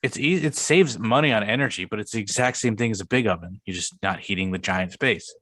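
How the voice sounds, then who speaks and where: A man's voice: fairly low pitch, fast talker, fairly bright tone. A young man co-hosting a podcast in casual chat, blunt and argumentative, swearing often. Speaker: podcast co-host.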